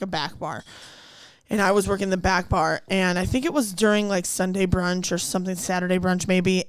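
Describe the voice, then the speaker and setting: A woman's voice: fairly low pitch, clear, resonant tone, no room sound. A woman comedian, a guest on a casual podcast, talking in a blunt, profane and sarcastic way. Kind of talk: casual chat.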